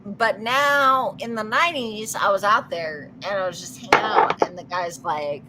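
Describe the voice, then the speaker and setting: A drunk woman from Kansas with a Kansas twang, chatting loudly and profanely on a podcast. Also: mid-range voice, normal speed, few pauses, background noise. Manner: loud, profane, laughing often. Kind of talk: drunken casual chat.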